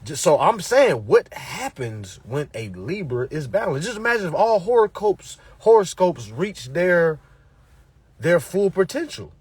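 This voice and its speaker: A man's voice: sits high, very animated, a little slow, a little mellow, husky, no room sound. A man giving a preachy motivational talk to his followers, emphatic and repetitive, with blunt profanity. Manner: emphatic, repetitive, peppered with "all right?" and profanity. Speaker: motivational speaker.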